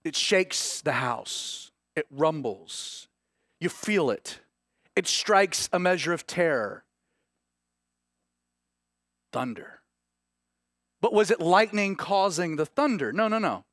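A male pastor with a Southern US accent preaching a sermon, moving between hushed, slow stresses and rising, urgent passages. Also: high voice, lively intonation, no room sound, clean studio sound.

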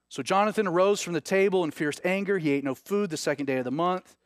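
A man preaching a sermon, reading scripture aloud and then commenting on it with rising, animated emphasis. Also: on the high side, no room sound, clean studio sound. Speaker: pastor. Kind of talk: sermon, Bible teaching.

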